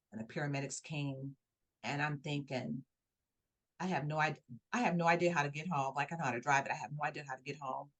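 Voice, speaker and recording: Woman, interview guest, fairly low-pitched, animated storyteller, voices the people in her story. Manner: animated, acts out quoted voices with rising pitch.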